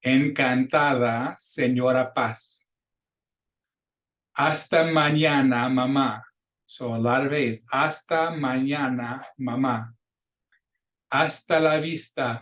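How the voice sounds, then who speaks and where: A man teaching a recorded beginner language lesson, with a voice in an ordinary middle pitch. He talks in a casual, explaining way with small restarts. For the drills he slows down and says each phrase twice for the class to repeat. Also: a bit bright. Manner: patient, models phrases slowly and repeats them. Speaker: Spanish teacher.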